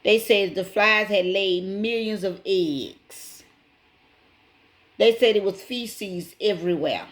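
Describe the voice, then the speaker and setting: A woman's voice: mid-range voice, takes it slowly. A woman hosting her own channel, casually retelling a story to her viewers, speaking emphatically, repeating key points and calling them y'all. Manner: addresses viewers directly as y'all. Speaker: channel host.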